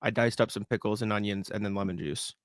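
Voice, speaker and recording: Young man, dry and relaxed sports chat. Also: lowish voice, fast talker, no echo. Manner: relaxed, rambling, laughs easily. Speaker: podcast co-host. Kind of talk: casual sports podcast chat.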